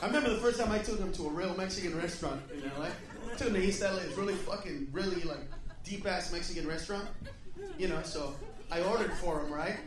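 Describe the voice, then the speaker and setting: A man doing a profane, animated stand-up routine in a live comedy club, with audience laughter behind him. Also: sits high. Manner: profane, rapid, animated storytelling. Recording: echoey live club from far off, loud crowd. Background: crowd laughter.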